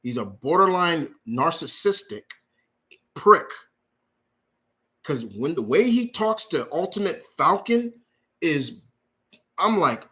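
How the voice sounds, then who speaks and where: A man's voice: on the high side, sing-song, takes it slowly, pauses often, sharp tone. A man hosting a live question-and-answer stream, ranting in a profane, heated way, repeating himself for emphasis and reading viewer questions aloud. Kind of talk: unscripted live-stream rant.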